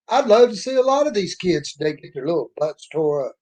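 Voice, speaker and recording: A man speaks in a slightly higher register. He tells a story in a folksy, blunt, opinionated way, as a casual monologue. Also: fairly quick, few pauses, a little mellow. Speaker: author and speaker.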